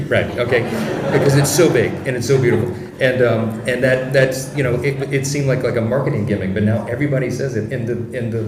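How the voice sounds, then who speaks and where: A man speaking as a political guest in an interview, telling stories in an animated, casual way with frequent restarts. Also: fairly low pitch, reverberant, noisy background. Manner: animated anecdote-teller who speeds up and laughs through stories.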